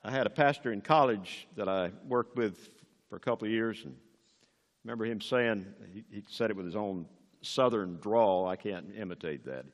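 A man's voice: on the low side, moderate pace, big-room sound. An older man preaching a sermon as pastor, emphatic and rising on key words.

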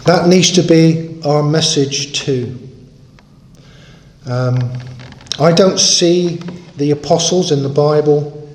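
A man's voice: on the high side, steady tone, takes it slowly, pauses often, darkish tone, roomy sound, a little hiss or hum. A man preaching a sermon in an earnest, emphatic way, stressing and repeating his key points.

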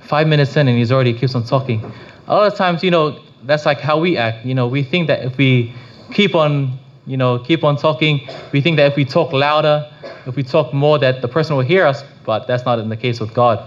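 A man's voice: medium pitch, a little fast. A man giving a casual devotional talk on prayer, rambling with frequent restarts and filler phrases. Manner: rambling, full of restarts and "you know". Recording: slightly dull lo-fi recording.

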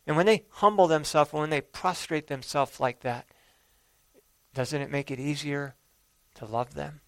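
A man preaching a sermon, retelling a parable in an earnest storytelling manner, rising for emphasis and dropping soft. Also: fairly high pitch, fairly even intonation, normal speed, no echo.

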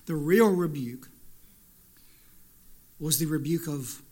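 A man's voice: a little high, takes it slowly, a little mellow. A man preaching a sermon as pastor in a church, building through repeated rhetorical questions to emphatic peaks.

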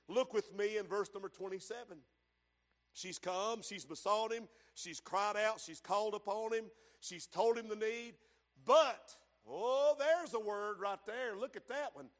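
A man's voice: high-pitched, a bit bright. A man preaching a fervent revival sermon in a church, emphatic and full of amens and hallelujahs. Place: church sanctuary. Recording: long hall reverb in a church.

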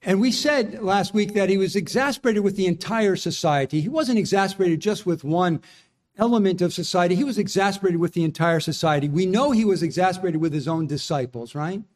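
A man's voice: fairly quick, darkish tone. A man preaching a sermon earnestly, reading scripture and asking the listeners searching questions. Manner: earnest preaching, rising in pitch when quoting. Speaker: pastor.

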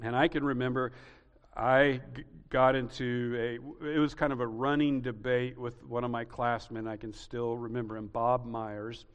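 A man's voice: medium pitch, flat delivery, moderate pace, clear, resonant tone. A male pastor preaching a sermon emphatically, building to repeated rising peaks. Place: church sanctuary. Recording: reverberant hall.

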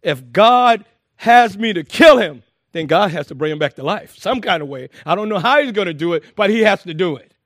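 A man preaching a sermon to a congregation, lively and emphatic, with frequent laughs and repeated phrases. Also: high-pitched, brisk, dry recording, studio quality.

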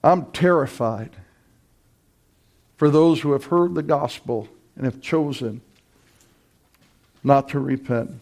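A man preaching a sermon as pastor, impassioned and emphatic, building to loud repeated cries. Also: medium pitch, slow, pauses often.

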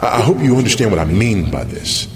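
A man preaching a sermon, earnest and searching, asking pointed questions with pauses for emphasis. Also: lowish voice, big pitch swings, a crowd in the background. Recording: long hall reverb.

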